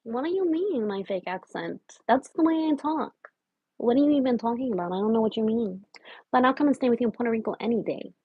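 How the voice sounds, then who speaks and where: Comedic livestream: woman voicing a wheedling drifter, breathy and high-ish, dry dull sound. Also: lively intonation, moderate pace, no room sound. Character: scheming homeless woman in her late twenties. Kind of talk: improvised parody livestream.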